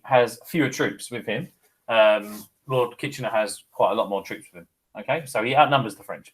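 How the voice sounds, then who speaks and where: A man's voice: medium pitch, a bit bright, poor audio. A man giving an informal, chatty history lesson, often checking in with the viewer and wandering off on tangents. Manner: chatty, digressive, addresses viewer with "okay?". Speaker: history teacher.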